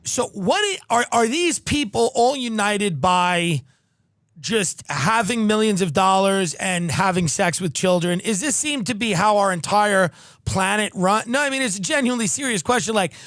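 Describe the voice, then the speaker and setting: A man's voice: high voice, expressive, moderate pace, a bit bright, dry recording. A male podcast host doing a rambling, sarcastic comedic ad read, full of profanity.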